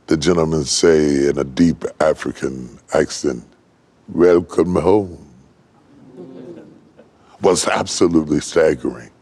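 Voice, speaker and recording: Slow, deep-voiced preacher man from West Virginia. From West Virginia, United States. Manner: builds from low, slow delivery to high, ringing shouts. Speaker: pastor. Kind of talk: sermon.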